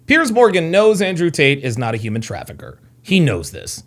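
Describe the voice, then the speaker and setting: Animated, exasperated man ranting. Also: fairly high pitch, moderate pace. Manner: heated, exasperated, swears often, repeats himself. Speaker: live show host reacting to a clip. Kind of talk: animated reaction commentary.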